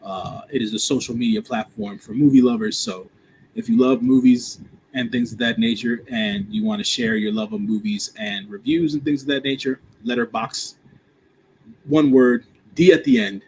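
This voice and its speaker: A man's voice: medium pitch, normal speed, rough recording. Chill guy host rambling about his socials and movie reviews, lots of uhs, faint hum behind. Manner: relaxed, rambling, frequent "uh" fillers. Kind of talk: casual self-promotion.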